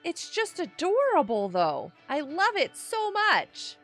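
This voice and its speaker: Bubbly high-voiced woman streamer. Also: slow, soft background music. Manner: bubbly and animated, frequent gasps and laughs. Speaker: livestream host. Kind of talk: casual live-stream chat to viewers while gaming.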